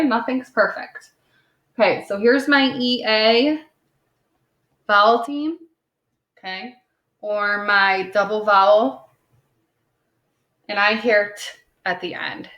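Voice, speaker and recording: Slow, patient woman teaching phonics. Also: mid-range voice, fairly bright tone, highs cut off. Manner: patient, checks in with "okay?" after most points; sounds words out slowly, tapping syllables. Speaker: second grade teacher. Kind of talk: recorded phonics lesson for young children. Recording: roomy echo.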